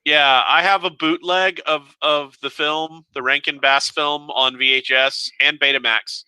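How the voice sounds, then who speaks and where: A man's voice: fairly high pitch, steady tone, unhurried, sharp tone, smooth, low-quality recording. A man playing a tabletop game who jokes in a wry way. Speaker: player. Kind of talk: tabletop role-play.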